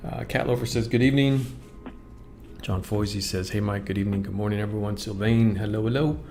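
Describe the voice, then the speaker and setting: A man's voice: lowish voice, steady tone, brisk, darkish tone, faint music behind. A man hosting a live stream, greeting viewers and reading their comments aloud in a casual, upbeat way. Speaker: livestream host.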